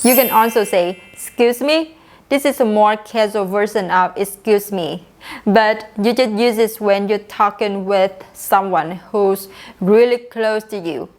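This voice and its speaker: A young woman leads an online English lesson. She speaks at a middle pitch, explains each point clearly, and acts out the example phrases. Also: measured pace. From Vietnam. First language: Vietnamese. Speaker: English teacher.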